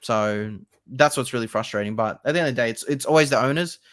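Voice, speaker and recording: A young male host in a casual football talk, speaking with passion and swearing freely. His voice sits in an ordinary middle pitch. The recording is dry and close, with no room sound. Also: quick pace, a bit bright, no room sound. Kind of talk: casual chat about football.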